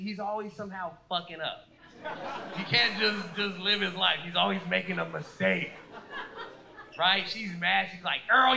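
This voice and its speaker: A man in his thirties works a comedy club crowd in a high, bright voice, animated and profane. He drops into little impressions of other people mid-bit. The live recording carries a clear wash of room noise under him. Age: 30s. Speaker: stand-up comedian. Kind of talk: stand-up comedy set. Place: comedy club stage with a laughing audience.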